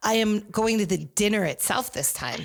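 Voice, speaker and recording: Animated woman in her forties. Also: mid-range voice, vocal fry. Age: 40s. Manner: animated storyteller, quick asides. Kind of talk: casual podcast chat.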